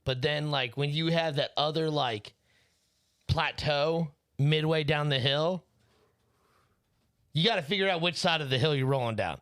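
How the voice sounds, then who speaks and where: A man's voice: on the high side, unhurried, long pauses, fairly bright tone, clean tone, no room sound. A man co-hosting a casual podcast on a studio microphone, teasing his partner and telling stories with plenty of swearing. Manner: storytelling, teasing, heavy swearing. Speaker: podcast co-host. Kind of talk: casual profane podcast banter.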